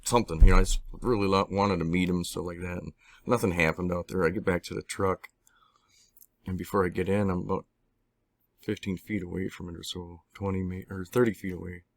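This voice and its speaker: A man with a very deep, low voice tells his story in a loose, rambling way, stopping and restarting often and swearing now and then. The recording is close and dry, with no room sound. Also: level tone, no room sound. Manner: rambling, halting, frequent restarts and mild swearing. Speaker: interviewee recounting personal experiences. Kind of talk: casual spoken storytelling.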